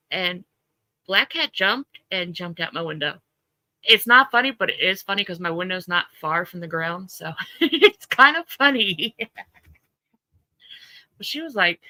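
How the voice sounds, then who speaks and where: A woman's voice: mid-range voice, bright, forceful tone, no echo, poor audio. A woman hosting a casual livestream, greeting viewers by name and laughing through her stories. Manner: chatty, laughs at own stories. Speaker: livestream host.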